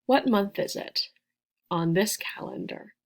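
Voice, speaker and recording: Slow, careful woman teaching beginner English. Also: medium pitch. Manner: slow, careful, spells and repeats words, clear enunciation.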